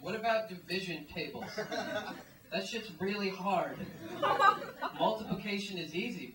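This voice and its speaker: A man doing a stand-up comedy set, rambling through his jokes with lots of "like" and "um" fillers. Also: sits high. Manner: rambling, filler-heavy delivery full of "like" and "um". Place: small live comedy venue. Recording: echoey room, mic at a distance.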